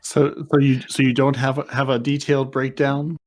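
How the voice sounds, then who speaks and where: A man's voice: mid-range voice, flat delivery, normal speed, darkish tone. A man co-hosting a casual gaming podcast, dry and teasing in his banter. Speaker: podcast co-host.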